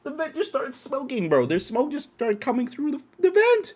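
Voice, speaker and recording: A young man telling a story casually on a podcast, cursing freely and breaking into loud excited bursts. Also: very high-pitched, moderate pace, few pauses. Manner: animated, profane, swings into loud excited outbursts. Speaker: podcast host.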